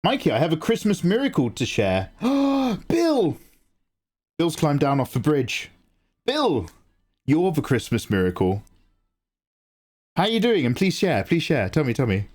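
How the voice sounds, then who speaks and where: A live-streaming artist talks to his viewers in a loose, excitable way, his pitch swinging up and down with a lively, bouncy melody. His voice sits at an ordinary middle height for a man, and he swears freely while reading out chat messages. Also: a little fast, few pauses. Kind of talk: casual livestream chat.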